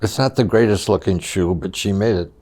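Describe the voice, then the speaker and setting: A man with a very deep voice leads a conversational interview, chiming in with short, low-key remarks and questions. He plays the role of host drawing out a guest's memories. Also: a little fast, a little mellow. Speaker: editorial director, interviewer.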